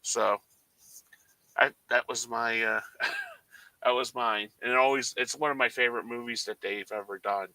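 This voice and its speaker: A man's voice: medium pitch, wildly swooping pitch, measured pace, long pauses, bright, forceful tone, no echo, rough recording. A man co-hosting a movie podcast, telling stories in a rambling, casual way full of fillers. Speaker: podcast co-host. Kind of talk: casual chat.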